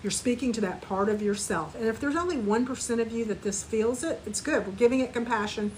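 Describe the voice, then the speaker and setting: A woman teaching a live online spiritual class, gently guiding listeners through an energy clearing and repeat-after-me compassion phrases. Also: fairly high pitch, a little fast, a little hiss or hum, rough recording.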